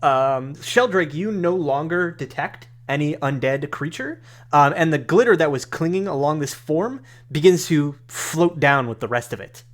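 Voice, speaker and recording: A man's voice: fairly high pitch, animated, moderate pace. Rambling game master, a man. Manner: rambling narration full of fillers and restarts. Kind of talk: narrating a tabletop game.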